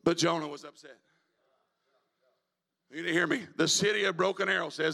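A male evangelist, preaching a sermon in a church, moving from quiet talk to shouted preaching. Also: on the high side, moderate pace, vocal fry, pauses often. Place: church sanctuary.

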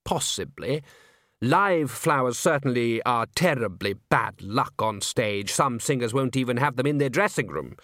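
A man's voice: medium pitch, fairly bright tone, dry recording, clean studio sound. A man voicing a snooty male music director who speaks with pained, superior patience. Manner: superior, drawn-out.

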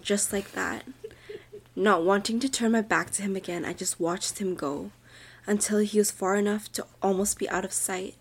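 A woman's voice: medium pitch, fairly even intonation, moderate pace, slightly rough. A young woman reading a horror story aloud on a podcast, slipping into whispers at the scary parts. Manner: drops to a whisper at tense moments.

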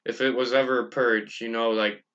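A man's voice: mid-range voice, level tone, normal speed, a bit bright. A man co-hosting a podcast, adding dry, matter-of-fact remarks. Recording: dull lo-fi sound.

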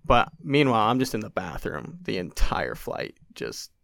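With no room sound, a young podcast guest tells a lengthy story at a moderate pace in a fairly low voice with vocal fry. He keeps the casual conversation animated, mimicking what others said and dropping in many "like"s.

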